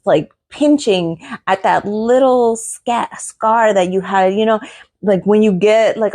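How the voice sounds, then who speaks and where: A woman's voice: medium pitch, a little mellow. A middle-aged woman hosting a podcast, giving an earnest motivational monologue full of repeated phrases and rhetorical questions. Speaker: podcast host.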